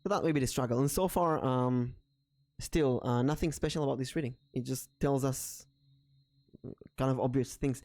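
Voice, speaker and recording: A man hosting a stream, telling a rambling story and then reading tarot cards in a casual, slightly halting manner, with frequent fillers. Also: medium pitch. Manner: rambling, animated when acting out dialogue. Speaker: tarot reader and streamer host. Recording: soft background music under the voice.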